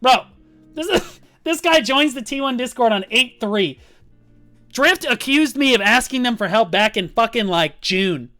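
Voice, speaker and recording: A man's voice: very high-pitched, lively intonation, measured pace, pushed and bright, soft background music. A man talking casually on a livestream as a guild leader, rambling and swearing as he tells boastful stories. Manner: profane, rambling, boastful storytelling.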